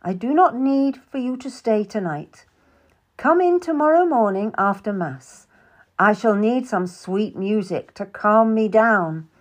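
A woman voicing a proud, sharp-tongued young noblewoman who speaks in a hard, icy, commanding way. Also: on the high side, animated, measured pace.

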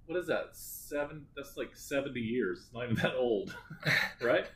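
A man's voice: mid-range voice, animated, a little slow, crowd noise, poor audio. Male podcast co-host, crude and jokey, ordinary middle-range voice. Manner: joking, crude, laughing often. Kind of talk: casual true-crime podcast chat.

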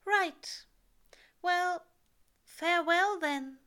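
A woman voicing an anxious, fussy male angel in a high, breathless way. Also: very slow, pushed and bright, exaggerated voice. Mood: resigned.

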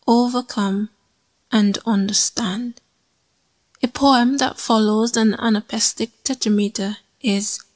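Slow, flat-voiced woman reciting a lesson. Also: fairly high pitch. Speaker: poetry teacher. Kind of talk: slow scripted poetry reading and lesson.

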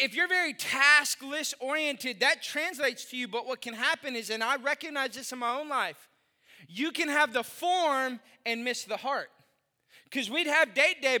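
A middle-aged male pastor preaching with a very high, piercingly bright voice. He tells humorous stories with animated delivery and sudden shouts. His voice rings out with the long reverb of a big hall. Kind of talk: sermon.

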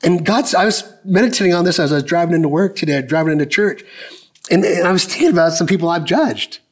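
A man's voice: animated, quick pace. A man in his fifties preaching a sermon as pastor, telling personal stories and acting out the dialogue. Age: 50s. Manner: storytelling, acting out dialogue in lowered voices.

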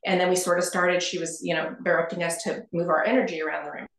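A middle-aged woman, a guest on an interview, telling her story in a lively way, often laughing and acting out the people she quotes. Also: lowish voice, quick pace, vocal fry. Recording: roomy echo.

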